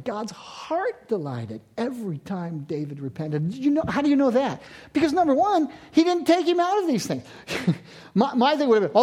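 A man in his sixties, a pastor preaching a sermon, moving from loud emphatic lines to hushed near-whispers. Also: sits high, very animated, a little slow.

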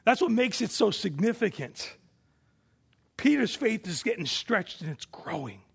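A male pastor preaching a sermon, moving between hushed reflection and forceful declarations. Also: high-pitched, big pitch swings, measured pace, vocal fry, slightly rough.

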